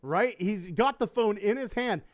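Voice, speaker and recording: A man talks on a casual podcast, swearing freely as he rambles through a story and slips into quoted voices. His voice sits high and swings widely in pitch. The sound is dry and close, with no room around it. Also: animated, unhurried, no room sound. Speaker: podcast host. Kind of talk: casual chat.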